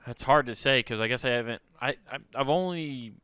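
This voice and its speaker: Guy cohosting a podcast, bright crisp voice, crude jokes, dry close mic. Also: mid-range voice, fairly quick, no room sound. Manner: crude, laughing, bursts into loud mock voices. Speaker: podcast co-host. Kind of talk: casual comedic banter.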